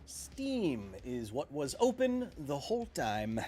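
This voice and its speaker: While streaming a video game and responding to chat, this thirtysomething man rambles and pokes fun at himself. He speaks slowly in a dark-toned, fairly high voice with huge pitch swings, and faint music plays in the background.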